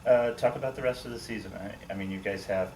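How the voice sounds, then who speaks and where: A man hosting a sports show, asking steady, plain interview questions. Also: lowish voice, quick pace. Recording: echoey room, mic at a distance, faint noise.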